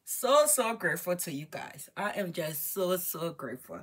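A woman vlogger chatting excitedly while doing her makeup, talking casually and repeating herself often. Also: lowish voice, normal speed, few pauses, husky. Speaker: beauty vlogger. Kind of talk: casual get-ready-with-me chat.

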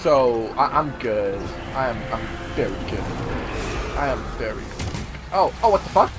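A man hosting co-op gameplay commentary, goofy and joking, yelling during fights. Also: mid-range voice, very animated, normal speed, loud music behind the voice. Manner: yells during combat. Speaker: gaming channel host. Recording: game sounds loud behind voice.

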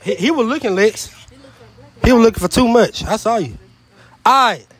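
A man hosting a truth or dare game at a party, loud and joking, cursing freely and stumbling over his words. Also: extremely high pitch, expressive, moderate pace. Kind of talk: casual party chat. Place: room at a house party.

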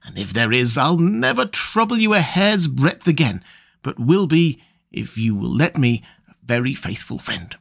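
A man's voice: medium pitch, sing-song, moderate pace, gravelly, fairly bright tone, no echo, clean studio sound, heavily acted. A man voicing an earnest young American suitor who talks in folksy slang, in an audiobook. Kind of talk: audiobook reading.

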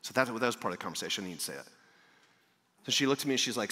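A man preaching a sermon as a pastor, telling a story in a lively way and acting out the people in it. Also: fairly low pitch, racing, pauses often, breathy edge. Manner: animated storyteller, acting out dialogue. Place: large church hall. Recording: echoey church hall.

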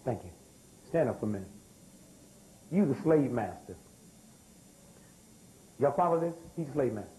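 A man's voice: mid-range voice, lively intonation, normal speed, long pauses, dark tone, a little hiss or hum, low-quality recording. An older man, lecturing a live audience, throwing rhetorical questions and asking for responses. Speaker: speaker.

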